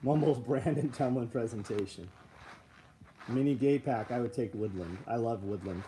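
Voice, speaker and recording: Background noise runs under this male livestream host's mid-range voice as he talks at a moderate pace about the tactical gear he sells. His casual talk is blunt and heavy on swearing, shifting from rambles into angry rants.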